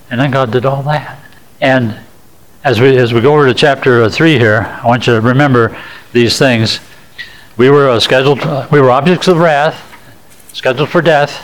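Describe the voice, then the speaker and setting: A man's voice: medium pitch, poor audio. Male preacher, earnest teaching sermon, emphatic rises, frequent chuckles.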